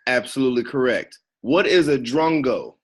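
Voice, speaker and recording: A man's voice: mid-range voice, animated, normal speed. A man hosting a podcast over a video call, teasing his guest in playful, profane banter. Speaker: podcast host.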